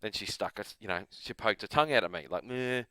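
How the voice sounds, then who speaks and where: A man's voice: lowish voice, lively intonation, fast talker, pushed and bright, no echo. A man with an Australian accent, host of a gaming channel, telling a long rambling story in a casual, self-amused way.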